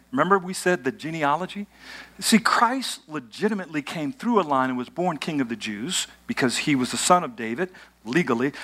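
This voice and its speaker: A man preaching a sermon to a congregation, telling travel stories, asking the crowd questions and building to bursts of praise. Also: on the high side. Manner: storytelling with audience call-and-response, rising to shouts of praise. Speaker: pastor. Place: church auditorium with congregation.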